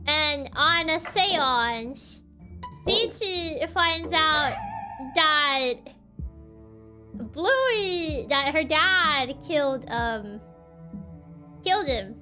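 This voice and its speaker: A woman streamer chats through a game in a high, lively voice that swoops up and down. She talks in an unhurried way, giggles a lot and thinks out loud. Faint music plays behind her. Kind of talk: casual gameplay commentary.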